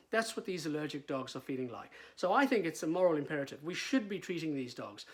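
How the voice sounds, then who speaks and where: A middle-aged man talks casually as a vet, his voice sitting a little high for a man. He stumbles and repeats words, with plenty of "uh" and "um" as he explains. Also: animated, fast, few pauses, fairly bright tone. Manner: chatty, repeats words, many fillers. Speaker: veterinarian.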